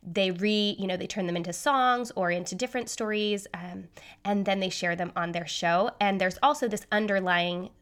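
Woman in her thirties, podcast host, solo monologue, talks fast, mid-range voice. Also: mid-range voice, fairly even intonation, fairly bright tone. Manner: fast-talking, says so herself.

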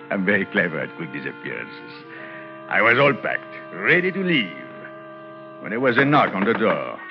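A sly, self-satisfied swindler who narrates his own misdeeds in a smooth, lively voice that swoops up and down. It is heard through a dull, lo-fi old radio broadcast. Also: normal speed, over music, full character voice. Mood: smug. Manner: smooth, self-satisfied, turns shrill when cornered. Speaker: narrator and lead character. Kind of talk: 1950s radio thriller acting.

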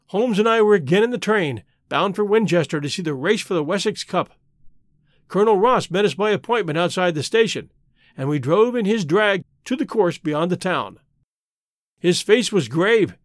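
A man reading a detective story aloud as narrator, measured and expressive. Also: sits high, no room sound, clean studio sound. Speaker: audiobook narrator.

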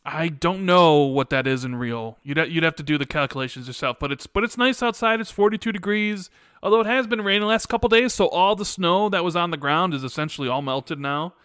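A man's voice: a little high, a little fast, a bit bright, smooth, no room sound, clean studio sound. A man hosting a podcast, chatty and upbeat, often repeating himself. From Chicago area, USA. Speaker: podcast host. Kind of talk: casual chat.

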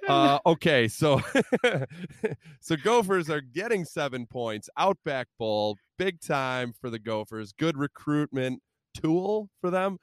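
A man's voice: on the high side, sing-song, slow, dry recording, studio quality. A man co-hosting a sports podcast, chatting in a joking, crude, rambling way. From Minnesota. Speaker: podcast co-host. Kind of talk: casual sports chat. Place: moving minivan.

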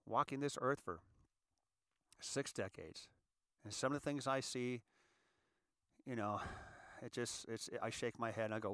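A man of sixty from California, hosting a show and telling his story in an earnest, halting monologue that often repeats words. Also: medium pitch, sharp tone, clear, resonant tone, no room sound. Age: 60s. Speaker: show host. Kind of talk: confessional monologue.

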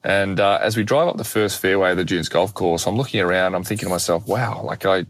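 A young man, an animated, self-deprecating guest telling a personal story in conversation. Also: low-pitched, fast, no echo. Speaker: guest speaker.

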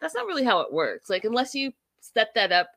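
A woman's voice: on the high side, big pitch swings, brisk, a bit bright, no echo. A young adult woman hosting a casual reality TV recap, chatty and opinionated, with playful asides to her viewers.

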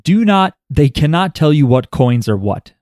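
A man's voice: fairly high pitch, sing-song, normal speed, darkish tone, no room sound, studio quality. A man co-hosting a podcast in joking, rambling casual chat. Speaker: podcast co-host.

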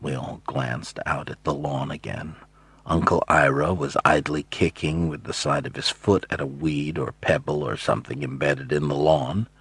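Husky, low-voiced man narrating an audiobook, slow and measured. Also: steady tone, fairly bright tone, no echo. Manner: measured storytelling. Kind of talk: first-person novel narration.

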